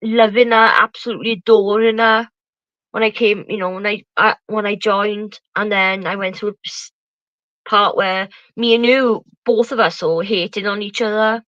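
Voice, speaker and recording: A woman's voice: mid-range voice, fairly even intonation, moderate pace, no room sound, highs cut off. A woman hosting a casual live chat panel, talking bluntly with lots of restarts and swearing.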